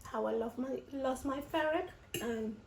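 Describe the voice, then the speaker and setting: A woman's voice: high-pitched, a little slow, a little hiss or hum. A woman vlogger telling a story to camera in a chatty, emotional way, repeating herself, in an echoey room.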